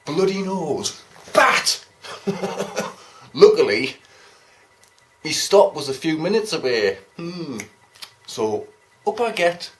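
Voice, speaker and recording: A British man telling an exasperated, sweary and sarcastic story about a bus ride. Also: mid-range voice. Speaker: vlogger. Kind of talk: ranting anecdote.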